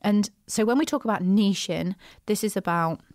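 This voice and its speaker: A woman hosting a business podcast, chatty and animated, with frequent asides and restarts. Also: medium pitch, normal speed, dry recording, clean studio sound. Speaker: podcast host, business coach. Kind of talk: casual solo podcast talk.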